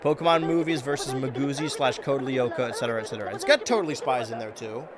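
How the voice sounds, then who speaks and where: A man streaming a video game, chatting casually in a rambling, jokey way that swings between loud outbursts and mutters. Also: medium pitch, lively intonation, fast talker, a loud crowd. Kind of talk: casual let's-play commentary.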